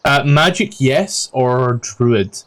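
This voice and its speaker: A man's voice: mid-range voice, slow pace, fairly bright tone. A man with a Scottish accent recapping a tabletop game as dungeon master, rambling with lots of ums and casual swearing.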